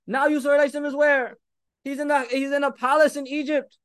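High-voiced impassioned young male preacher. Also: level tone, fast talker, fairly bright tone, no room sound. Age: 30s. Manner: impassioned, mixing in Arabic phrases and urging the listeners. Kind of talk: sermon.

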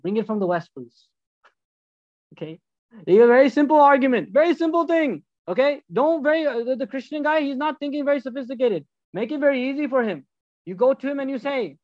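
A man giving a storytelling sermon as a religious teacher, animated and acting out the dialogues. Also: extremely high pitch, a little fast, no echo, muffled recording.

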